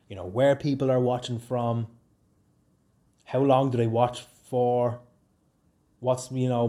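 A young man with a Dublin Irish accent hosting a casual solo podcast, rambling and joking, his pitch and loudness swinging up and down. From Ireland. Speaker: podcast host.

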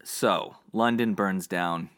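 A man's voice: low voice, slow pace, fairly bright tone, clear, resonant tone, no echo, studio quality. A man hosting a movie podcast, playful and joking, swearing freely as he steers the chat. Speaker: podcast host. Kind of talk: casual movie review chat.

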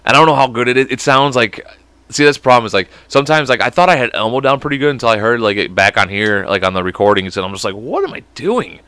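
A man's voice: mid-range voice, bright, forceful tone, a little hiss or hum. A young man hosting a podcast, rambling in casual chat, swearing often and breaking into laughter. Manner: profane, rambling, quick laughs. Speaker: podcast host.

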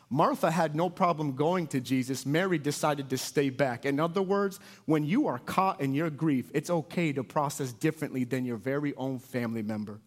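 A pastor in his thirties with a slightly high voice preaches with lively swings, booming one moment and dropping low and quiet the next. He talks like a storyteller who leans hard into each point. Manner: animated storyteller, swinging from loud bursts to soft, low emphasis. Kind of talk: sermon.

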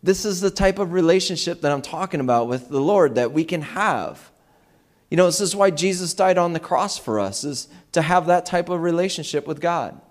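A man preaching a sermon as pastor, telling lively personal anecdotes and acting out the dialogue. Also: fairly high pitch, normal speed. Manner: animated anecdotes with acted-out dialogue. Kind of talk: conversational sermon storytelling.

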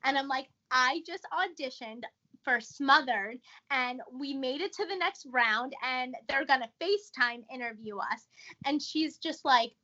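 A young woman from New York with a New York accent, telling a story as a podcast guest in a chatty, animated way, leaning on "like" constantly. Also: sits high, a little slow. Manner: chatty, animated, says "like" a lot. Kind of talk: casual interview storytelling. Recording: dull lo-fi audio.

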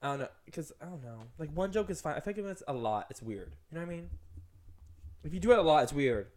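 A man's voice: fairly high pitch, fast. A man in his twenties co-hosting a casual podcast chat, ranting with lots of fillers. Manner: ranting, animated, full of "like". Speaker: podcast co-host.

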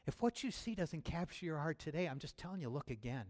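A male pastor delivers a sermon in a casual, personal way, full of restarts and small chuckles, before climbing into loud, rising fervor. His voice sits at an ordinary middle pitch. It rings out with the long reverb of a large hall. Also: big pitch swings, fast talker, few pauses. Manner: builds to loud, rising fervor near the end.

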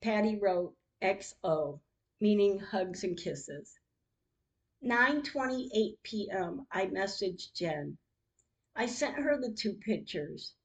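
A woman's voice: mid-range voice, animated, takes it slowly. A woman hosting her own podcast, reading out her text messages in an emotional, heartfelt way. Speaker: podcast host.

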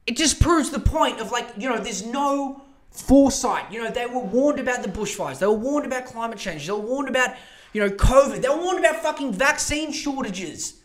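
A man's voice: very high-pitched, expressive, moderate pace. A young man hosting a solo podcast, ranting about politics in a profane, rambling way. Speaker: podcast host.

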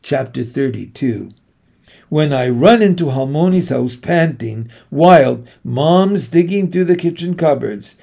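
A man giving a measured, steady first-person audiobook narration. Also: on the high side, vocal fry.

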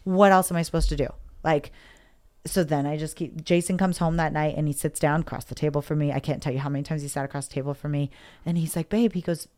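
A woman with a slightly low voice tells a personal story candidly. She rambles and repeats herself, with emotion running through her talk. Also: steady tone, fast talker, dark tone. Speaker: guest.

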